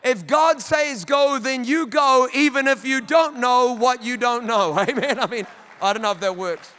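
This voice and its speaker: A male pastor reading scripture and preaching, animated and talking straight to his congregation in a church. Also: very high voice, moderate pace, clear, resonant tone. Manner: animated, addresses the congregation directly. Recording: long hall reverb.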